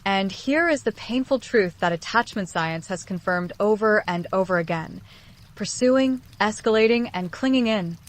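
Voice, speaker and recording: A woman hosting a relationship psychology video, giving scripted self-help narration in a calm, earnest voice that speaks straight to the listener. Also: medium pitch, moderate pace.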